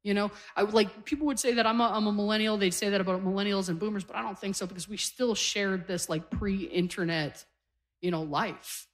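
A woman's voice: mid-range voice, steady tone, brisk. Canadian woman in her forties doing stand-up. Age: 40s. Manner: conversational storytelling with punchy one-liners. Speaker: stand-up comedian. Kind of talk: stand-up comedy set. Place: comedy stage before a live audience.

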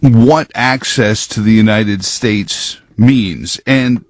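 A man's voice: on the low side, slow, no echo. A man giving rambling, sarcastic political commentary full of wordplay.

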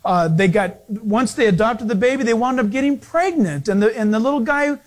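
A man preaching a sermon as a pastor, telling stories in an animated way and acting out the people in them. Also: very high voice, moderate pace. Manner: animated storytelling with acted-out quotes.

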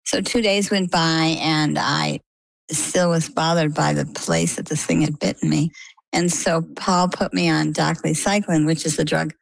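An older woman tells her story to an interviewer, slipping into the voices of the people around her as she goes. Her voice sits low with a gravelly edge. The sound is close and dry. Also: measured pace, no room sound, low-quality recording. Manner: animated anecdotal telling with quoted dialogue. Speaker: interview guest. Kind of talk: conversational storytelling. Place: lives on the coast of Maine.

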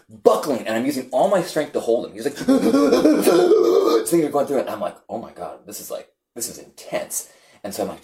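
A man tells a story over a casual chat, lively and full of fillers. His pitch sits on the low side and swings widely as he acts out what others said. Faint noise lies behind him. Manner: animated, acts out quotes, many fillers.

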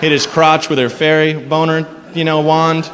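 A man doing a stand-up set on a club stage, animated and jokey. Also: on the high side, moderate pace, a crowd in the background. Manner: animated, jokey, acts out voices. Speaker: stand-up comedian. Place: comedy club stage before a live audience. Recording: live club recording with long reverb and background noise.

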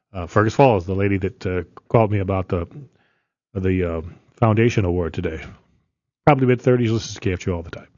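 An older man with a lowish voice talks plainly on a radio show, rambling a little and filling pauses. The studio sound is dry and slightly muffled. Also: a little mellow, no echo. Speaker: longtime radio news guest. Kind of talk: casual radio conversation.

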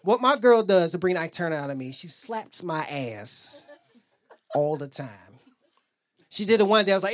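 Stand-up comic, young man, lively profane storyteller, swings his pitch up and down. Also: normal speed. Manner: profane, storytelling, acts out quotes, audience laughs. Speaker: stand-up comedian. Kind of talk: stand-up routine.

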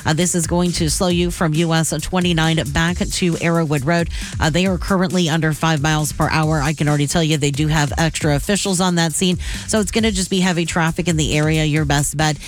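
A woman giving a radio traffic report, brisk and informational with the odd filler. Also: low voice, fairly even intonation, soft background music.

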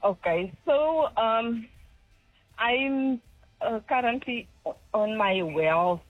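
A woman's voice: a little high, animated, slow, no echo, phone-quality sound, soft background music. A woman calling in to a radio show, shy and hesitant with lots of ums. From South Africa. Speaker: caller. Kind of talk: radio call-in chat.

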